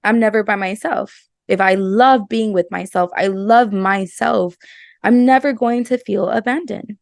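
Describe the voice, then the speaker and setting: A woman's voice: medium pitch, measured pace, vocal fry, dry recording, clean studio sound. A woman hosting a casual self-help podcast, earnest and emphatic, often repeating her words. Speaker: podcast host.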